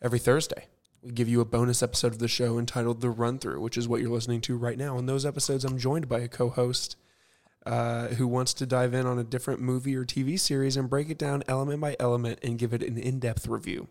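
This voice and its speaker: A young man hosting a podcast, talking low and hushed late at night and reading an ad. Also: little pitch movement, quick pace. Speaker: podcast host. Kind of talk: casual podcast chat and ad read.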